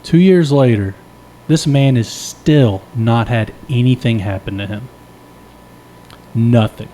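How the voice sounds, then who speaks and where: A man's voice: medium pitch, takes it slowly, slight background noise. A young man co-hosting a podcast, telling a long, profane, rambling story in a casual, self-deprecating way and laughing often. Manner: animated, profane, rambling anecdote. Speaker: podcast co-host.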